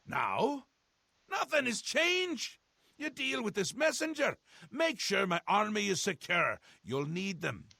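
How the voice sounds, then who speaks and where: A raspy, manic mad god. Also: male voice, high voice, sing-song, slow, no room sound, heavily acted. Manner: erratic, swinging between shouts and mutters. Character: manic mad god, erratic male ruler.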